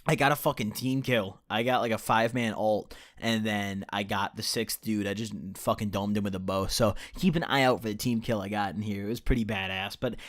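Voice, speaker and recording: A man's voice: fairly low pitch, steady tone, fairly quick, few pauses, a bit bright, no echo. A young man in his late teens telling a personal story in a casual, rambling way, swearing freely and correcting himself as he goes. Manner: rambling, profane, restarts and self-corrections. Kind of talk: casual storytime chat over gameplay.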